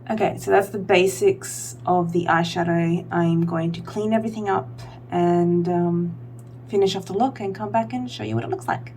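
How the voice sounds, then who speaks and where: Here a young woman beauty vlogger walks through her makeup at a moderate, slightly mellow pace, her voice lowish and gravelly. Her casual tutorial chat wanders, packed with "like" and self-deprecating remarks, over a faint hum.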